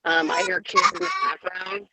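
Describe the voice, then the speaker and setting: A woman trading coach speaking on a group call, emotional and hesitant, with many pauses. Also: on the low side, big pitch swings, creaky, heavy background noise. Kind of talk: casual talk on a group call. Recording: dry, dull, lo-fi sound.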